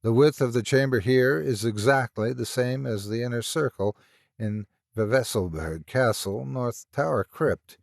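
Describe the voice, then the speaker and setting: A man's voice: mid-range voice, unhurried, gravelly, dry recording, clean studio sound. A man voicing a frightened, insistent young woman with a German accent in an audiobook. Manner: agitated, urgent.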